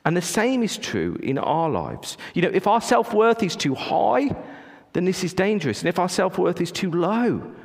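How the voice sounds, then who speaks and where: A man preaching in a fairly high voice that rises and falls in lively swings. He is earnest and conversational, stumbling into restarts and asides, and his words carry a long hall reverb. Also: creaky. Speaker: pastor. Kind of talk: sermon.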